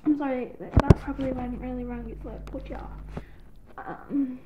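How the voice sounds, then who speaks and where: A woman's voice: high voice, steady tone, moderate pace. A young woman vlogging in a rambling, self-deprecating casual chat to camera, recorded on a tablet. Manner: giggly, self-deprecating, scattered. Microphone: tablet built-in mic. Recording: tinny lo-fi tablet audio with faint hiss.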